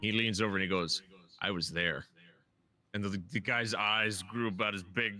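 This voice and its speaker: Bright-voiced man telling war stories. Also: on the low side, fairly even intonation, a little fast, soft background music. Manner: rambling storyteller with restarts. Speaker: gaming streamer telling stories. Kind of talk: casual chat while gaming.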